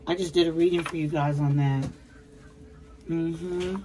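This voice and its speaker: Woman, low voice, casual tarot reading, chatty, slangy, emphatic, home bedroom. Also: steady tone, unhurried, noisy background. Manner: chatty, slangy, emphatic, addresses viewers as baby. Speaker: tarot reader.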